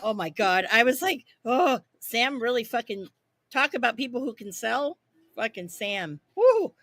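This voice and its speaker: Woman cohost, bright voice, cursing a lot, rambly wrestling chat. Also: a little high, measured pace, dry recording. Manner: profane, rambling, animated storytelling. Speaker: podcast co-host.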